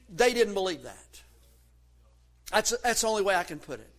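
A man preaching a sermon from the pulpit, fervent and emphatic, rising to shouts on key points. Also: high voice, big pitch swings, a little fast, long pauses. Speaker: pastor.

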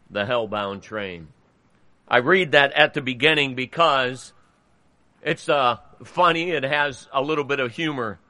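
A man's voice: mid-range voice, bright, forceful tone, dry recording. A male pastor giving an earnest, emphatic sermon and reading a poem aloud to his congregation.

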